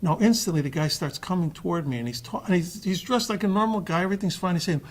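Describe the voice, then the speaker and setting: A man with a slightly raised pitch and a husky, breathy edge. He is a panel guest spinning a story and acting out the lines of everyone in it. He breaks off and restarts phrases as he goes. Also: quick pace. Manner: animated, acts out dialogue in changing voices.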